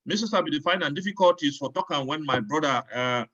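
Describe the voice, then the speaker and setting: A man's voice: a little high, fast, sharp tone, dull audio. A man moderating a town hall on a video call, polite and deferential to the speaker. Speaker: meeting moderator.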